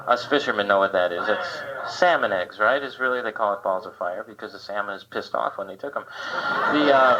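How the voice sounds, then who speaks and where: A male comedian doing a self-deprecating stand-up set, chatting with the crowd on a comedy club stage. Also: on the low side. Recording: dull, noisy live club tape.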